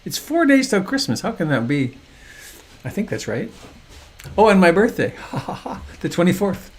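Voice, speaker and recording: An older man teaching meditation over a video call, speaking softly and unhurriedly with gentle humor. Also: high voice, sing-song, a little slow.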